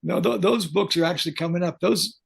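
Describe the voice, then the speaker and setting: Gravelly older man telling blunt stories. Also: high voice, brisk. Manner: blunt, joking, animated anecdotes. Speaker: guest, pyrotechnics technician. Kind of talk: casual storytelling interview.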